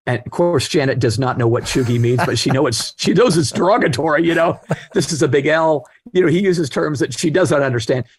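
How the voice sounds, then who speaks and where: A man in his sixties talks earnestly, spinning anecdotes and acting out the people in them. His voice sits in a middle pitch, recorded close with a dry sound. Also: husky, no room sound. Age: 60s. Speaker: guest author. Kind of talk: storytelling interview talk.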